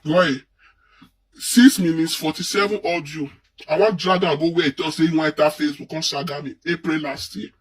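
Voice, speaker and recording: A man's voice: fairly high pitch, steady tone, fairly quick, breathy edge, far from the mic. An actor with a Nigerian accent playing a distraught man who pleads and argues, then wails a chanted lament in a Nollywood film. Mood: pleading. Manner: pleading and quarrelsome, later wailing a chanted lament.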